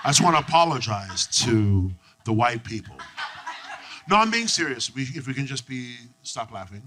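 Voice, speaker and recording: A young adult man from Canada doing a stand-up set, telling stories in a brash, profane, animated way. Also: medium pitch, moderate pace, background noise. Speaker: stand-up comedian.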